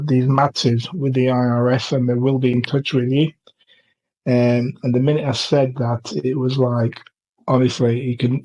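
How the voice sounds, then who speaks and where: Earnest English man, flat delivery. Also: medium pitch, rough recording. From England. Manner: earnest, with frequent ums and restarts. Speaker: testimony speaker. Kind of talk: casual first-person account.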